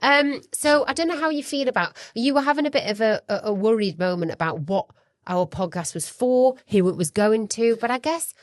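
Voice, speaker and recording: A woman's voice: on the high side, a little fast, few pauses, dry recording, studio quality. A woman co-hosting a casual podcast chat, playful and teasing, laughing often and calling her partner pet names. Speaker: podcast co-host. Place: home in Melbourne.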